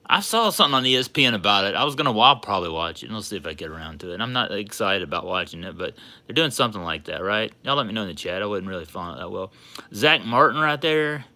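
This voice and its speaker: A man hosting a sports card livestream, chatting casually and getting loudly excited over his pulls. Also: fairly low pitch, fast talker. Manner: excitable, hollering and laughing over a big pull.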